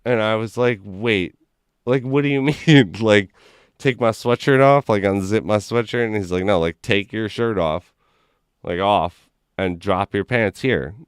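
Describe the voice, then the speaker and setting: A man's voice: on the low side, a little slow, clean tone, dry recording, studio quality. A man in casual chat, telling a long rambling story full of "like" and acting out the people in it. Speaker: gaming stream host.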